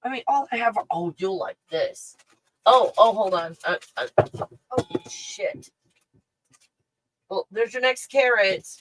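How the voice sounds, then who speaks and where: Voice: mid-range voice, lively intonation, measured pace, long pauses, a bit bright, slight background noise, low-quality recording. A livestream host at home, chatting in a scattered, casual way, laughing often and talking to a puppy between thoughts. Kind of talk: casual rambling livestream chat.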